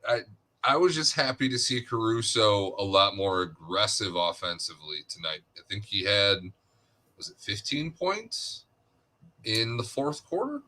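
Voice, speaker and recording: Male co-host with a bright, forceful voice, earnest and emphatic in casual sports chat. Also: on the low side, sing-song, moderate pace. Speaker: podcast co-host.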